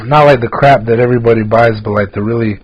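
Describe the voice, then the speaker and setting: Talking fairly quickly in a breathy mid-range voice, a man co-hosts a casual podcast and wanders through stories stuffed with "like" and similar fillers. The recording is muffled.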